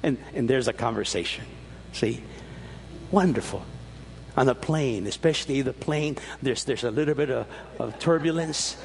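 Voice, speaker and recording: A man preaching a sermon, telling stories animatedly with emphatic rises and frequent restarts, his voice husky. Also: mid-range voice, normal speed, slight background noise. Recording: long reverb of a large hall.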